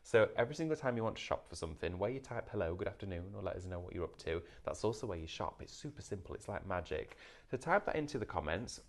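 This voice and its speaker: A man hosting a live craft shopping show, in an upbeat, salesy patter. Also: lowish voice.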